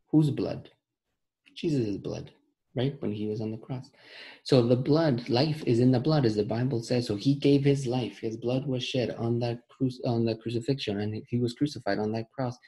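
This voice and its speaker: Gravelly man teaching kids Sunday school. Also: medium pitch, mellow, rough recording. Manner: earnest, repeats phrases, reads verses slowly. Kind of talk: children's Bible lesson.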